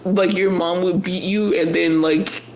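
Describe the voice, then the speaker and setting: Animated storytelling male podcast co-host. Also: high voice, unhurried. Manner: animated storytelling, acts out quoted voices. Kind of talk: casual chat.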